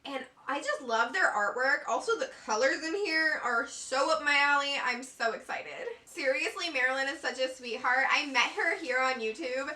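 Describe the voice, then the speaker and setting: High bright-voiced gushing woman vlogger. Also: moderate pace, few pauses, distant mic. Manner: gushing, effusive, giggly. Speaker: beauty vlogger. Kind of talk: excited unboxing vlog. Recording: echoey room, a bit off-mic.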